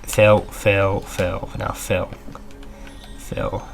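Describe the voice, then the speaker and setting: A man's voice: sits low, little pitch movement, extremely slow. A man giving casual gameplay commentary, swearing freely and chatting to his in-game pet. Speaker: gamer. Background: clear background music.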